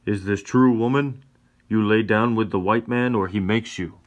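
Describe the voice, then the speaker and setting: A man playing a proud, stern tribal chief who speaks in a commanding, measured way. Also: fairly low pitch, voice pushed up, lightly acted.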